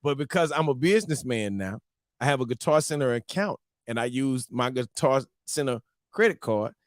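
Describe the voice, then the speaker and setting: A married man hosting a live-streamed morning show, telling a story to his viewers in a casual, animated, slang-filled way. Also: mid-range voice, normal speed, no room sound, studio quality. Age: adult, married.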